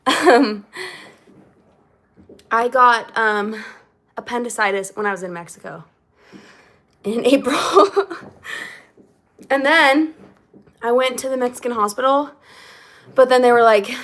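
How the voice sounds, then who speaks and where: A young woman chats casually on a livestream from a small home room, giggling often and reading out her viewers' comments. Her voice sits a little high. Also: expressive, moderate pace, pauses often, fairly bright tone. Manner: giggly, chatty, reads viewer comments aloud. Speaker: singer livestreaming to her chat. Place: small home basement apartment.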